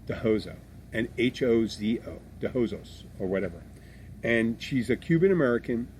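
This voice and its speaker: A man's voice: mid-range voice, lively intonation, normal speed, darkish tone, a little hiss or hum. Blunt, rambling man from Philadelphia. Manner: blunt, swears freely, self-described abrasive; rambling, lots of restarts. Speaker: podcast host. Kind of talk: casual podcast chat.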